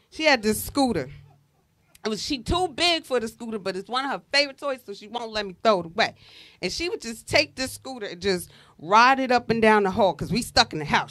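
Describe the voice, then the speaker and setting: A woman in her forties doing a stand-up comedy set, telling animated stories and breaking into loud exclamations. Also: a little high, dry recording. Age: 40s.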